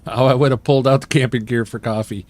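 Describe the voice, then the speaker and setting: A man's voice: mid-range voice, steady tone, fast talker, darkish tone, no echo. A man giving casual gameplay commentary and chatting with viewers, joking and chuckling often. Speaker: game streamer. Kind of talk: casual gameplay commentary while reading chat.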